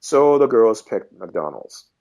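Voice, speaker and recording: A man from Trinidad and Tobago, a podcast guest telling animated travel anecdotes and acting out the people he met. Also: on the low side, slow pace, muffled recording. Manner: animated, acts out quoted voices. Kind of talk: casual storytelling chat.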